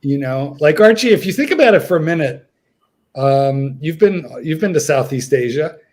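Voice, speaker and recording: A male dog trainer talks on a livestream panel in a rambling, story-telling way, his voice a bit higher than most men's. He circles back on himself with frequent restarts as he builds each point. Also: lively intonation, moderate pace, a little mellow. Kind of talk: casual panel chat.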